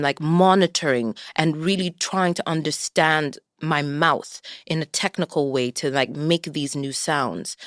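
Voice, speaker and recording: An actress from Kenya with a mixed Kenyan and American accent, talking thoughtfully and candidly as a podcast guest. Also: female voice, sits low, no echo, clean studio sound. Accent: mix of Kenyan and American. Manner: thoughtful and candid, laughs often. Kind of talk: podcast conversation.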